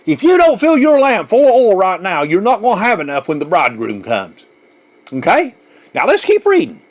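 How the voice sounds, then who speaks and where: A man's voice: sits high, wildly swooping pitch, moderate pace. A man preaching an emotional sermon, fervent and given to repeating words as he pushes on.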